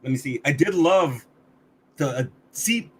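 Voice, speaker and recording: A man's voice: on the high side, lively intonation, a little slow, a little hiss or hum. A man co-hosting a podcast, reviewing a movie in casual chat, blunt and swearing often, with many restarts. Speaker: podcast co-host.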